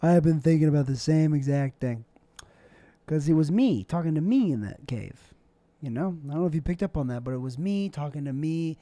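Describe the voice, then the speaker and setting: A man's voice: fairly high pitch, lively intonation, brisk, warm tone, no echo. A young man hosting a solo podcast, rambling through a loose, self-deprecating monologue with jokey asides. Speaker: podcast host.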